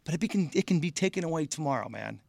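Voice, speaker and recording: A man's voice: on the high side, very fast, creaky, no room sound, studio quality. Heartfelt man telling a story. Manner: heartfelt, animated storyteller, repeats words. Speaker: guest. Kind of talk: casual interview storytelling.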